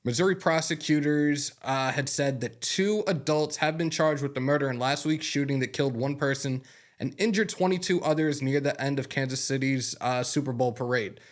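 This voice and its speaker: A man's voice: mid-range voice, moderate pace. A man hosting a fan sports show on a live stream, chatting loosely with swearing and then reading a news rundown. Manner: loose and profane, openly moved by a fan's gift. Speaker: sports podcast host.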